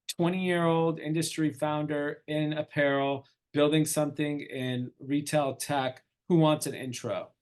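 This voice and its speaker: A middle-aged man, an entrepreneur guest in an interview, telling a story casually and acting out the dialogue. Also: a little high. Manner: animated storyteller, acts out quoted dialogue.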